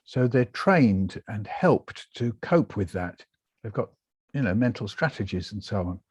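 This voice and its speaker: A British man, a guest author, telling his story in a lively interview and acting out the voices he quotes. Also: lowish voice, measured pace, husky, no echo, dull audio. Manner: animated, acts out quoted voices.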